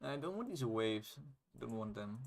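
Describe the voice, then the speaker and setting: This is an indie game developer on stream, a young non-native English speaker casually rambling and sometimes cursing as he tests his own game. His medium-pitched voice is expressive and creaky, with a measured pace.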